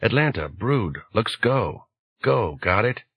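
Audiobook: narrator doing a hushed, clipped radio operator, husky. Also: male voice, on the low side, sing-song, takes it slowly, dull audio, pitched above the performer's own voice, exaggerated voice. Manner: hushed, terse radio chatter. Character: terse male radio link man.

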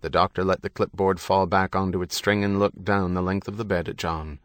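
A man with a low, deep voice reads a novel aloud in steady, measured narration. The sound is close and dry, with no room around it. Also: dry recording. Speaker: audiobook narrator. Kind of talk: scripted narration.

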